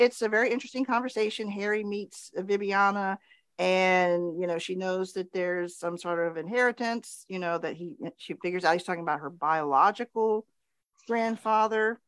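A woman hosting a podcast, recapping television episodes in a relaxed, chatty way and laughing easily. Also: fairly low pitch, no room sound. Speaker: podcast host.

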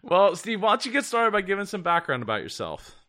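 A man's voice: high-pitched, big pitch swings, fast, pushed and bright, no echo, clean studio sound. A man hosting an interview podcast, friendly but often stumbling and restarting his questions. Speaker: podcast host.

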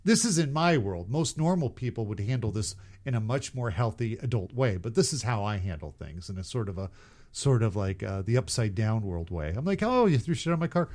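A man's voice: fairly low pitch, animated, a little fast, darkish tone. A man casually telling a rambling, profane story on a podcast, often laughing at himself. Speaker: podcast co-host.

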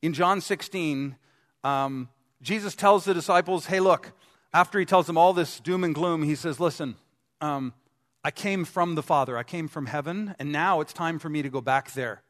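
A man's voice: a little high, moderate pace, a bit bright. A man preaching a sermon as pastor in a gym, talking conversationally and asking the congregation questions. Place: gym used as a church hall. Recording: long hall reverb.

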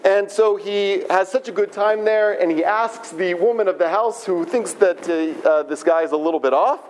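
A man, a rabbi, giving a sermon in the form of an animated, conversational story. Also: high-pitched, moderate pace, a little hiss or hum.

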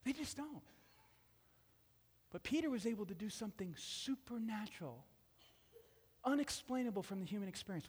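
High-pitched man preaching with big swings. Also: lively intonation, moderate pace, pauses often, breathy edge, big-room sound. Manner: dynamic preaching, swinging from hushed to loud; acts out voices of people in the stories. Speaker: pastor. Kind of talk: sermon.

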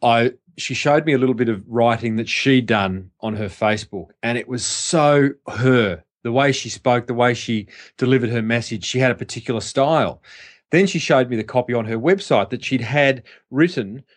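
A man's voice: medium pitch, moderate pace. A man co-hosting a marketing podcast, sharing reflections in a casual way, with hesitant restarts and frequent fillers. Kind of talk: casual business chat.

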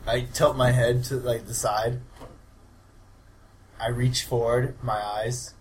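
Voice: mid-range voice, flat delivery, slow pace, slight background noise. A tabletop game player describing a character's actions, hesitant and stammering at times, playful.

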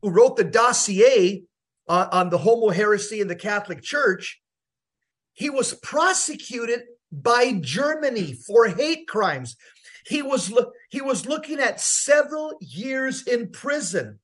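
A man's voice: very high-pitched, big pitch swings, a little slow, a bit bright. A man co-hosting a Catholic radio talk show, emphatic and repetitive, often calling his co-host by name. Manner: emphatic, repeats names and phrases.

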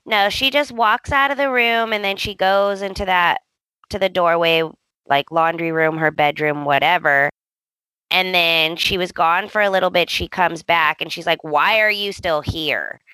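A woman's voice: lowish voice, steady tone, moderate pace, pushed and bright, clean tone, no echo. A woman co-hosting a podcast, chatting casually about soap opera episodes and adding her own opinions. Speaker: podcast co-host.

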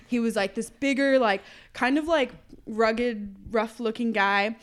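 A woman's voice: a little high, a little slow. A woman, a food business co-owner, telling stories in a casual podcast conversation and acting out her customers. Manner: animated storytelling, acts out customer quotes.

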